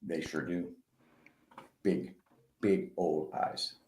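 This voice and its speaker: A man's voice: very deep voice, drawn-out words, darkish tone. A man co-hosting a podcast in casual, joking, laid-back banter. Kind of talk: casual chat.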